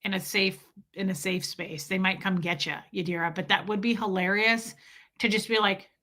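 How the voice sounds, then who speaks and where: A woman's voice: mid-range voice, flat delivery, moderate pace, bright, forceful tone. A middle-aged woman hosting a casual live stream, chatty and laughing as she reads viewer comments aloud. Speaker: livestream host reading chat.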